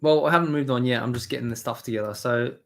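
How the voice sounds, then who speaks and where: This streamer's mid-range voice is fast and creaky. He rambles profanely through casual live-stream commentary, reading out his chat and answering it.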